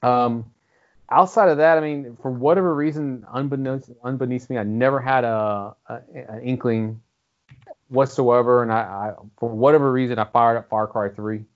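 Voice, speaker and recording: A man's voice: medium pitch, normal speed. A man rambling casually about video games, swearing freely and acting out characters' lines. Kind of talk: casual gaming chat. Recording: dull lo-fi audio.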